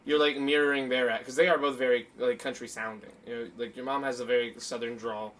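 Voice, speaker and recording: A man's voice: mid-range voice, flat delivery, fast talker, fairly bright tone, slight background noise. Young guy from south carolina just chatting on a podcast, lots of "like", easygoing. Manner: rambling, heavy on "like" fillers, laughs it off. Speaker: podcast co-host. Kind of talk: casual chat.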